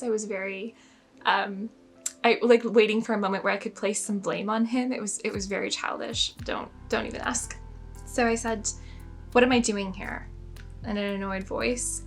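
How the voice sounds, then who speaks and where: A young woman with a mid-range, fairly bright voice tells a personal story in a casual vlog. She's a spiritual storyteller, chatty and self-mocking, and she fills her speech with "like."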